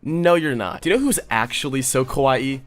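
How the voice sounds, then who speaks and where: A man's voice: mid-range voice, animated, brisk. A man ranting through casual online commentary, swearing often and mocking his subject with sarcasm. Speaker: commentary YouTuber.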